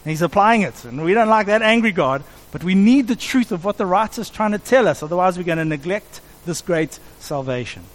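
A middle-aged man preaching a sermon in an animated way, acting out quoted voices as he goes. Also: high-pitched, fairly quick, few pauses. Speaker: pastor.

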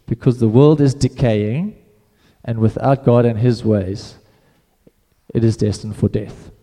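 Male pastor, relaxed and chatty delivery, mellow tone, church hall echo. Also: medium pitch, unhurried. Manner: casual, conversational preaching with repeated restarts. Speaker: preacher. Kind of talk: sermon.

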